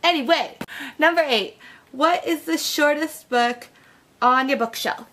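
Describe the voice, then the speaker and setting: A woman's voice: high voice, measured pace, bright, forceful tone. A young woman chatting casually in a bookshelf tag vlog, bubbly and full of fillers. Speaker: book vlogger.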